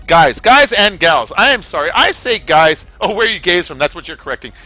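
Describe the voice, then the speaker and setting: A man's voice: high-pitched, sing-song, a little fast, bright, forceful tone, no room sound, faint music behind. A man from California giving rambling, chatty commentary while playing a racing game, swearing freely. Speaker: gaming streamer. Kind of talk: casual gameplay commentary.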